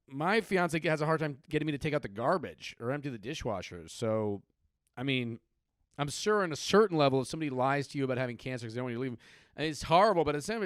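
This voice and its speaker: A man's voice: on the high side, no room sound, clean studio sound. A man in his thirties hosting a comedy podcast, riffing profanely on odd news stories and slipping into mock voices.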